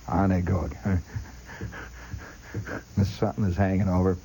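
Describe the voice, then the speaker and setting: A man's voice: low voice, flat delivery, unhurried, warm tone, slight background noise, low-quality recording. A man telling a long personal story as a chatty monologue, talking straight to the listener and mimicking sounds along the way. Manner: chatty, addresses the listener directly; imitates sounds with his voice.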